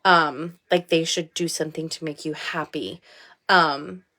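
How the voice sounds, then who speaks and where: A woman's voice: sits low, fairly even intonation, a little slow, sharp tone. A woman in her thirties, a life coach and mother, talking candidly and from the heart on a casual live video from her bathroom. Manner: candid, heartfelt, laughs easily. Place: small home bathroom.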